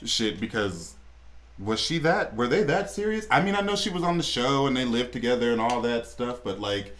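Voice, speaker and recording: A man with a medium-pitched, sing-song, fairly bright voice co-hosts a casual gossip podcast at a moderate pace. He's chatty and opinionated, and he quotes celebrities in mocking voices.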